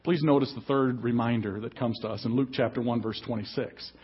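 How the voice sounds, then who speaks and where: A man's voice: mid-range voice, steady tone, fairly quick, husky, muffled recording. A man preaching an emphatic sermon as pastor at a church service. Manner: emphatic preaching, reads scripture aloud.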